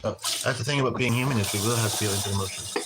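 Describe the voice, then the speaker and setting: Earnest, rambling man, medium-pitched, off-mic in an echoey home room with faint background noise. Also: racing. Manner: rambling, self-interrupting, earnest. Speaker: spiritual medium relaying messages. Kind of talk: casual livestream chat. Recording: roomy echo, distant from mic, faint noise.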